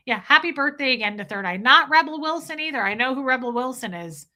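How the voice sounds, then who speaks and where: A woman's voice: high-pitched, animated, quick pace, few pauses, pushed and bright. A woman hosting a livestream, chatting casually with viewers, reading their comments and gushing over favorite films. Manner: gushing and exclamatory, quoting film lines. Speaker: livestream host.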